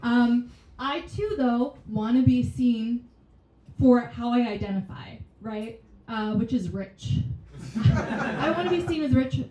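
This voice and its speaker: A woman doing a stand-up set in a small club, delivering wry deadpan jokes. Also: a little high, slow pace. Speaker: stand-up comic. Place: small comedy venue. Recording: echoey small venue.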